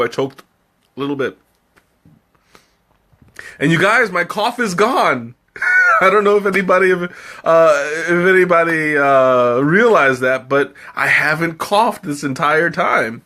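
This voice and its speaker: A man's voice: fairly high pitch, sing-song, slow pace, long pauses, bright, forceful tone. Chatty man tasting tea live. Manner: chatty and easygoing, laughs often, thinks aloud with restarts. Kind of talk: casual live-stream chat, answering viewer comments.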